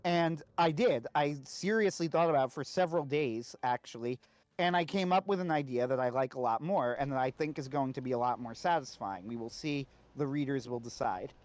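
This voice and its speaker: A man's voice: mid-range voice, brisk, no echo. A man co-hosting a casual podcast discussion, talking conversationally and often checking in with "right?". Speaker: co-host.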